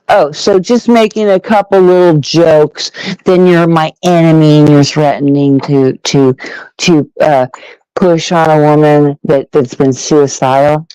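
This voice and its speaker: A man's voice: fairly high pitch, steady tone, measured pace, dark tone, clear, resonant tone, dry recording, low-quality recording. A man hosting a live audio panel, ranting in a rambling, profane, sarcastic way at listeners. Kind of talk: ranting casual monologue.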